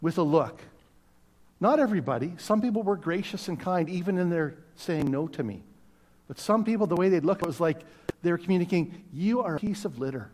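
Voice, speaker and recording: A man's voice: sits high, lively intonation, brisk, darkish tone. A middle-aged man from Canada preaching a sermon to his church, telling stories in a conversational way with self-deprecating humor. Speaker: pastor. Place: church sanctuary. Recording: long reverb of a church hall.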